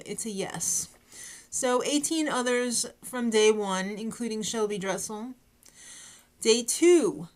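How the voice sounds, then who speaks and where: A woman talks her way through a casual recap, tossing in sarcastic asides and frequent "uh"s. Her voice sits a little high. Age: adult parent. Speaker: recap vlogger.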